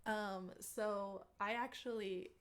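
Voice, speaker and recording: A young woman talks through a personal story as an interview guest, with a medium pitch. She fills her speech with "like" and slips into quick acted-out bits of what others said. Her tone is chatty and conversational. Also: steady tone, slight background noise. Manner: chatty, many "like" fillers, acts out quotes. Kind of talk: casual storytelling.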